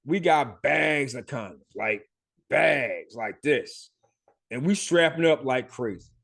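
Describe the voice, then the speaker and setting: A man's voice: mid-range voice, expressive, takes it slowly, vocal fry, a bit bright. A middle-aged man hosting a podcast, telling his life story in a loose, profane way, with frequent laughs and many fillers. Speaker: podcast host. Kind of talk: casual storytelling.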